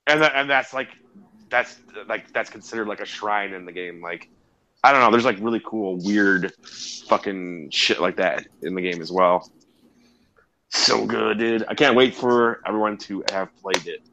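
A man chatting excitedly and casually, swearing a lot and filling his speech with "like". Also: lowish voice, moderate pace, lo-fi sound. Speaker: podcast co-host. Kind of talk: casual chat.

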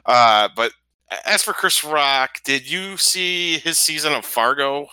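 A man chatting casually about movies in a relaxed way, with lots of fillers. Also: fairly high pitch, unhurried, clean tone, no room sound, poor audio.

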